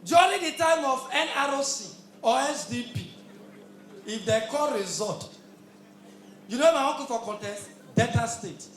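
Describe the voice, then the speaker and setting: A man doing live stand-up comedy with a Nigerian Pidgin English accent, delivering loud, punchy, shouted punchlines. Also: very high-pitched, lively intonation, unhurried, echoey room, a little hiss or hum.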